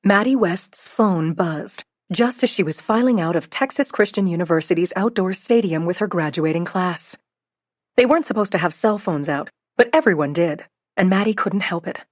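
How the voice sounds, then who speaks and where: A woman reading a novel aloud as an audiobook narrator, in an expressive, steady storytelling way. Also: lowish voice, normal speed, no echo, studio quality. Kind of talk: scripted narration.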